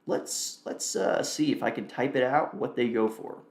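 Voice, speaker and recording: A man hosting a casual live stream, his voice sitting at an ordinary middle pitch. He thinks aloud and mutters quick reactions as he goes. The sound is roomy, with a clear echo around him. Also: animated, a little mellow. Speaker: livestream host.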